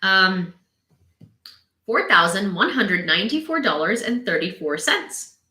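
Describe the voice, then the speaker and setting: A young woman with a Ukrainian accent chats casually on a live stream, laughing often. Her voice is bright and forceful. The room around her echoes. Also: medium pitch, animated, measured pace. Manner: chatty, laughs often, talks to her dog. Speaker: host of a live news stream. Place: home room.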